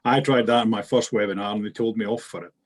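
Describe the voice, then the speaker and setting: A man's voice: fairly low pitch, steady tone, fast. A man moderating a webinar on a video call, chatting casually, teasing the others and laughing often. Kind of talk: casual pre-webinar chat.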